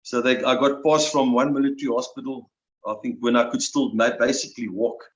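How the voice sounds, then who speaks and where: An older man speaks with feeling, stumbling over his words and repeating them as he goes. His voice sits in an ordinary middle pitch. The recording is roomy and a little dull. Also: fairly even intonation. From South Africa. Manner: emotional, halting, with many restarts and repeated words. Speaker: interview guest, army veteran. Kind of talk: personal storytelling.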